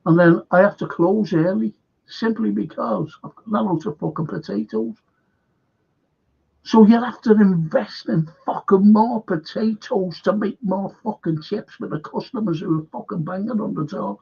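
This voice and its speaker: With a high, gravelly, slightly rough voice at a moderate pace, this fan football show host rants heatedly in a talk-show monologue. He swears constantly and keeps repeating himself, and the recording sounds dull and lo-fi.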